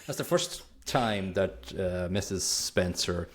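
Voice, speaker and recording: A man's voice: deep voice, lively intonation, takes it slowly. A man co-hosting a podcast, recapping a film in casual chat with dry, rambling remarks. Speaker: podcast co-host.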